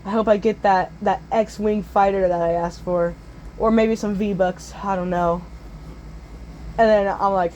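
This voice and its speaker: Animated teenage boy telling a story. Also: sits high, moderate pace, long pauses, dull audio, a little hiss or hum. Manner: animated, jumps into yelled character voices. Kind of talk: casual storytelling video.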